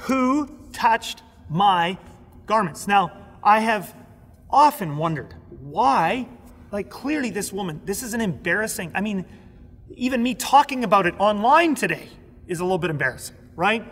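A man teaching a sermon, animated, acting out the people in the story. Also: high voice, big-room sound. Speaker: pastor. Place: recorded for an online audience.

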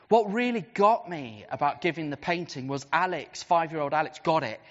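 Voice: mid-range voice, normal speed. Preacher telling a story in a church. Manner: animated, vivid storytelling with swings of pace. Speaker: preacher and city centre chaplain. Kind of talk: storytelling sermon. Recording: dull recording with long church reverb.

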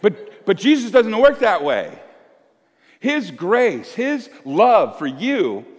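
A man's voice: sits high, wildly swooping pitch, slow pace, in a large hall. A man in his fifties preaching as a pastor, folksy and emphatic, asking one question after another. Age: 50s. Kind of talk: sermon. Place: church.

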